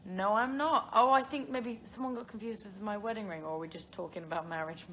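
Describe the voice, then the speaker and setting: A woman's voice: medium pitch, brisk, fairly bright tone, slight background noise. A young woman with a British accent, chatting casually on a live stream from her phone, rambling with lots of fillers and giggles. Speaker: live-stream host answering viewer questions.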